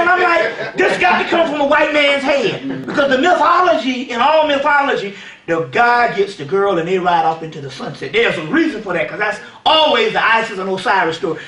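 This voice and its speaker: A man giving a seminar-style lecture, animated and conversational, often checking that the audience follows. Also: high voice. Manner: animated, keeps asking "you see what I'm saying". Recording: roomy sound from a distant mic.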